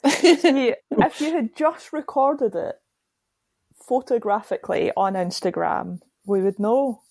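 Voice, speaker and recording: Playful woman with a gravelly edge. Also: on the high side, takes it slowly, no echo. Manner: playful, deadpan joking. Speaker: film club member. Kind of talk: casual group discussion.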